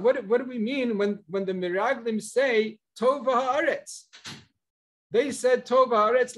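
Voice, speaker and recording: Male rabbi, very high voice, Torah lesson, quotes texts, then explains them vividly. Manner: retells sources with lively storytelling and translation; cites Hebrew and Aramaic texts, then explains. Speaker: rabbi, guest speaker.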